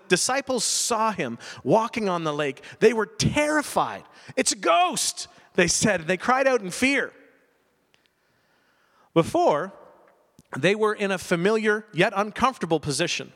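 Male pastor, dramatic sermon delivery, reverberant church sound. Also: high-pitched. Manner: expressive, dramatic swings from loud to hushed. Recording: long hall reverb.

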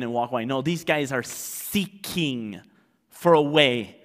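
Animated preacher in a big echoing hall. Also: male voice, mid-range voice, a little slow. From Canada. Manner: animated preaching, acting out voices, swinging from quiet asides to loud exclamations. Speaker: pastor. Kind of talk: sermon. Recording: long reverb of a large hall.

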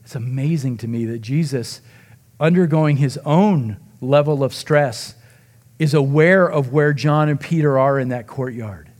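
In a measured, medium-pitched voice, a male pastor dramatizes the story in his sermon. He gives the quoted speakers their own voices and goes nearly hushed when feelings run high.

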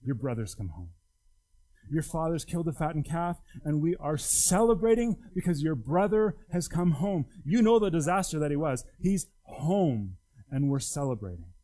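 A man voicing an eager household servant, excitedly passing on news. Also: on the high side, normal speed, lightly acted, poor audio. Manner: excited, gossipy.

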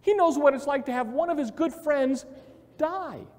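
A male pastor preaches in a church sanctuary with a high, very lively voice, building phrases through repetition. He swings from hushed passages to loud, ringing lines. His voice carries a long hall reverb. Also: normal speed. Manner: emphatic, repetitive, swells from quiet to loud. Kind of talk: sermon.

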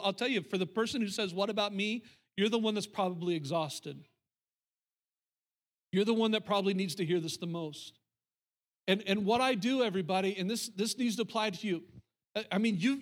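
A man delivers a sermon from the pulpit. His voice sits high for a man. He repeats phrases for emphasis and pauses before key words. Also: fairly bright tone. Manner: emphatic, repetitive preaching with pauses. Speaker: pastor. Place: church sanctuary.

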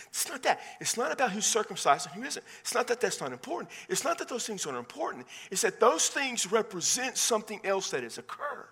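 A Texan pastor preaches in a lively, conversational way, breaking into casual asides between points. His voice is fairly high and bright, and it rises and falls a great deal. A long reverb from the hall trails behind every phrase. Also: slightly rough. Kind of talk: sermon.

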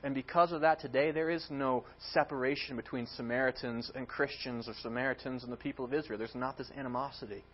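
A man preaching a sermon in an animated way, acting out quoted words as he tells the story. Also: medium pitch, fast, hardly any pauses, muffled recording.

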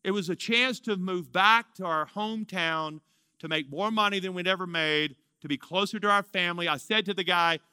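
A man, a pastor telling a personal story in a sermon, animated and swinging between excitement and hushed softness. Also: high-pitched, normal speed, clean tone, dry recording. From Louisiana, US.

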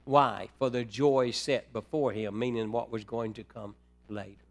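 A man preaching a sermon who addresses the congregation as brethren, moving between quiet, low passages and loud, emphatic ones. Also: steady tone, measured pace.

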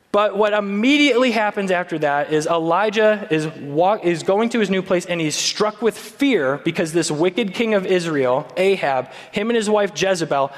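A man's voice: high-pitched, long reverb tail. A man preaching a sermon as pastor, in a conversational storytelling manner.

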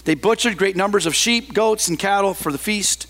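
A man preaching a sermon, reading scripture aloud and adding slow, emphatic asides to his congregation. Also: high voice, fairly bright tone, in a large hall.

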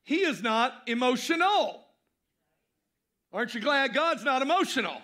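High, bright-voiced pastor preaching slowly. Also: male voice, sing-song. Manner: emphatic, repeats key phrases, voice rises and falls for emphasis. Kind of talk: sermon.

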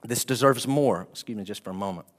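A man preaching a sermon as pastor, animated, swinging between loud outbursts and quiet asides. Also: fairly low pitch, fast.

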